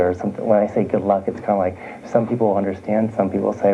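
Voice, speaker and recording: A man's voice: lowish voice, flat delivery, fast, slight background noise. A man working as a psychic medium, giving a chatty live reading to sitters, circling back to restate his points. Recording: dull lo-fi recording.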